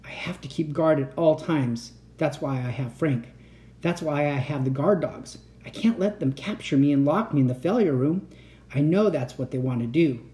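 A woman voicing an unstable male inventor uncle in a storybook reading, excitable and pleading, turning soft and menacing. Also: sits low, normal speed, natural voice. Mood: fearful. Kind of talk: storybook read-aloud.

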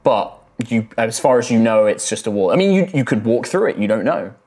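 A man's voice: medium pitch, very animated, a little fast, a little mellow, faint music behind. A man narrating a tabletop game as game master, describing the action loosely with plenty of "kind of" and "like". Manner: descriptive, with many fillers like "kind of".

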